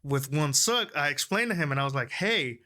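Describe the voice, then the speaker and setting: A young man tells a concert story in a casual vlog, animated and laughing, leaping into high, excited voices when he quotes people. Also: quick pace. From Houston, Texas. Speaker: concert-going fan.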